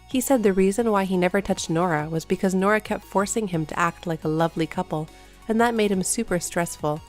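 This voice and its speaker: Low-voiced woman narrating a story. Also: darkish tone. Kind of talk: first-person story narration.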